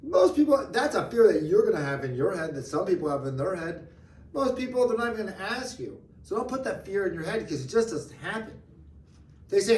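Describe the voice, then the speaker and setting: A man teaching a real estate training class live, acting out client dialogue in an animated way. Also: high voice, brisk, a little hiss or hum. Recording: echoey room from far off.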